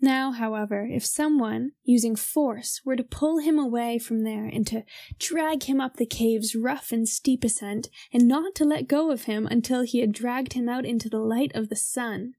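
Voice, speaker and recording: Young woman, reading aloud, formal, measured, high-ish voice, dry close sound. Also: mellow, no echo. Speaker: reader of a philosophy text.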